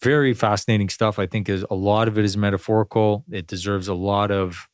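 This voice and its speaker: Hosting a podcast, a man drifts reflectively through a casual talk about spirituality, with plenty of fillers and false starts. He speaks a little fast in a fairly low, fairly even voice, and the dry recording has studio quality.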